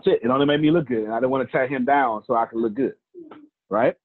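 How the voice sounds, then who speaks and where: A man hosting a live teaching session. He tells stories in a colloquial, animated way and calls on listeners by name. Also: medium pitch, fast, no room sound. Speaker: teacher and host. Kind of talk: live teaching talk with storytelling. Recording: tinny phone-like dry line.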